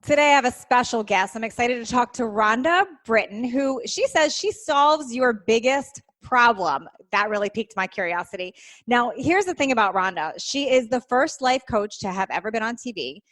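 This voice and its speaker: A woman's voice: a little high, animated, moderate pace, fairly bright tone, no room sound. A woman in her thirties hosting a podcast interview, enthusiastic and gushing, laughing easily as she introduces and questions her guest. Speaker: podcast host. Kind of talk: casual interview.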